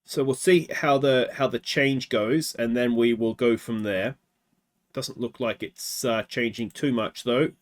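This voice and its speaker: In a steady, mid-range voice and at a slightly slow pace, an Australian man commentates his let's play of a football management game. He chats as he goes and quizzes himself with rhetorical questions.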